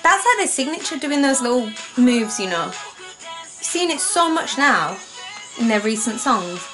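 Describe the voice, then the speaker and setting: A young woman, gushing and rambling excitedly as she reacts on camera. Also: on the high side, measured pace. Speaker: reaction video host. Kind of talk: casual reaction commentary. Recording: faint music in the background. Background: music playing faintly.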